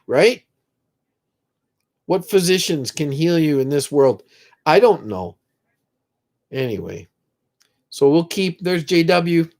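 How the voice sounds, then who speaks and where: Livestream host, middle-aged man, rambling and heartfelt, slightly high voice with an unhurried delivery. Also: expressive. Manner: slow, rambling, emotional, prays aloud with viewers. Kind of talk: casual live chat reading comments.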